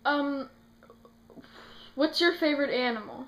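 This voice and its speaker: A woman's voice: high voice, a little slow, fairly bright tone, a little hiss or hum. A girl interviewing her sister, asking questions plainly and a little hesitantly. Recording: echoey room.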